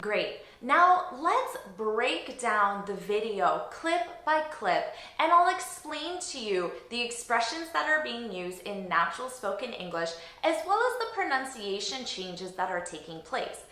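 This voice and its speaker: Slow, lively American English teacher. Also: female voice, fairly high pitch. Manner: slow, clear, repeating phrases for students. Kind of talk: language lesson. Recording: echoey room.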